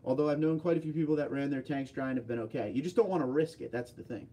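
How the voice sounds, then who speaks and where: A man's voice: medium pitch, fast talker, mellow. A man hosting a casual livestream, reading viewer comments aloud and answering them offhandedly. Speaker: livestream host.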